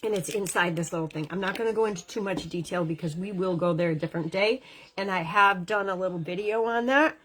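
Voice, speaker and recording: A woman in her fifties chats through a casual home makeup tutorial, gushing and effusive, with quick asides. Her voice is fairly low and a bit bright, picked up by the camera mic since she isn't wearing a lapel.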